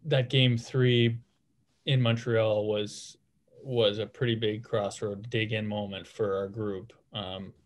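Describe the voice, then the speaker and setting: A man in his thirties talks through his answers casually, piling up fillers and restarting his sentences. His pitch barely moves, giving a flat, level delivery that stays calm throughout. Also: takes it slowly, slight background noise. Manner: relaxed, many fillers and restarts. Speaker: guest, former hockey player.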